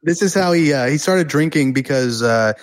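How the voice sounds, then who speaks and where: A man's voice: fairly high pitch, animated, moderate pace, no room sound. A man co-hosting a comedy podcast, casually laying out scenarios and stories. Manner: storytelling, lays out scenarios. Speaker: podcast co-host.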